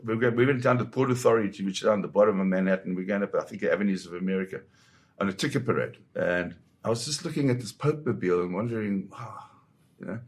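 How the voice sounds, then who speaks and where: A man from Zimbabwe, a photographer guest, telling anecdotes in a lively raconteur's way and acting out the voices of people in his stories. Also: on the low side, quick pace. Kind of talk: anecdotal storytelling.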